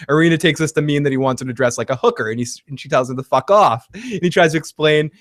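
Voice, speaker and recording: Casual podcast co-host, man, slightly high voice, laughs a lot, dry close recording. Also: quick pace, fairly bright tone, no echo. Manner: laughs often, quotes scenes in bits of acted dialogue. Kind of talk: casual recap chat.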